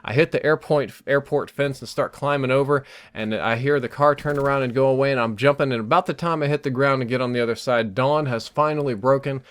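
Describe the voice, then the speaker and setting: A man's voice: mid-range voice, fairly quick, few pauses, smooth. Gaming creator, man, mid-range voice; tells a dream story with breathless energy. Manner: animated, breathless storytelling with restarts. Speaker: gaming YouTuber. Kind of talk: dream story told over gameplay.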